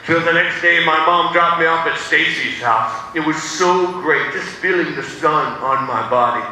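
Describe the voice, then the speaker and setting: A man's voice: a little high, moderate pace. A man pastor telling a first-person story in a sermon, acting out the voices as he goes. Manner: animated, acts out the voices in his story. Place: church sanctuary. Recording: echoey sanctuary, distant mic, faint noise.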